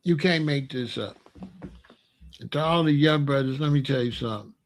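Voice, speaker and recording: A man's voice: mid-range voice, moderate pace. A young man giving a ranting commentary, incredulous and exasperated as he scolds and asks questions.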